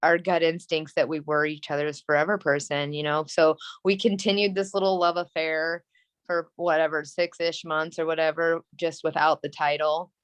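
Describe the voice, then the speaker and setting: Low-voiced woman telling her story candidly. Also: little pitch movement, normal speed, clean tone, no echo. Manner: rambling, frequent "like" and "you know"; earnest and emotional. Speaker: interview guest.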